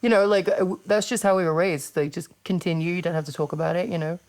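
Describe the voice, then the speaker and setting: A woman's voice: on the low side, fairly even intonation, fast talker, a little mellow. A woman with an English accent in her thirties, hosting a casual chat, blunt and laid-back, swearing freely. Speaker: podcast host and wrestler.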